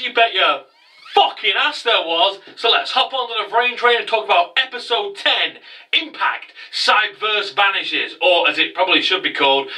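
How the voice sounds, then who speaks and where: An excitable man talks through an anime episode in a casual, profane vlog recap. His voice is bright and edgy and sits a little high. He is a bit away from the microphone. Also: distant mic, low-quality recording. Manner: excitable, sweary, quick asides. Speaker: anime review host.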